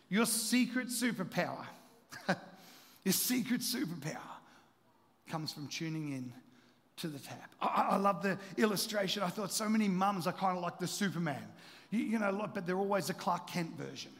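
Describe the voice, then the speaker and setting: High-voiced preacher in an echoing hall. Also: male voice, lively intonation, normal speed. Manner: impassioned, repetitive, rising to loud emphatic peaks. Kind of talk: sermon. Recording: long hall reverb.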